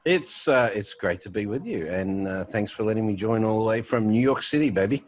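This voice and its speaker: Low-voiced man with a soft Australian accent. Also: animated, a little fast. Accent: Australian, softened. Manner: storytelling, with frequent fillers and restarts. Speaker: guest, banking entrepreneur. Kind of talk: casual conversational interview. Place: home office with artwork on the wall.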